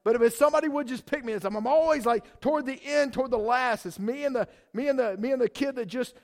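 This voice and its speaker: A man preaching a sermon as pastor, animated, often repeating and restarting his words. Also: extremely high pitch, fast talker.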